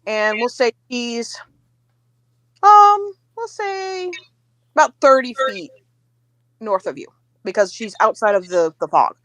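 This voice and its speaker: A woman narrating a tabletop game as game master, chatty and lively, with hesitant fillers and little chuckles. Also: on the high side, takes it slowly, long pauses, no echo.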